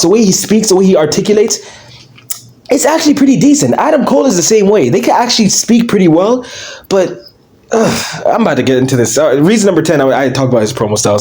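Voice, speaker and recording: Excitable young man ranting loudly. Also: high voice. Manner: loud, excitable, swings between shouting and mumbling. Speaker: channel host. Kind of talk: casual ranting commentary.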